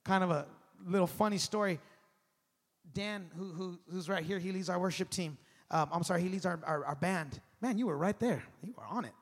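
A man in his thirties preaching a sermon as pastor, animated and conversational, calling on the congregation to respond. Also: high voice, brisk. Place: large church hall. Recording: long hall reverb.

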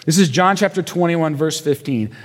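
A man's voice: fairly high pitch, normal speed, in a large hall. A male pastor preaching a sermon in a casual storytelling way, with repetitions and rhetorical questions.

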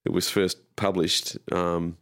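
A man's voice: deep voice, little pitch movement, slow pace, vocal fry, a bit bright. An Australian man, a pastor, chatting as a guest in a rambling, self-deprecating way. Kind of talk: casual conversation.

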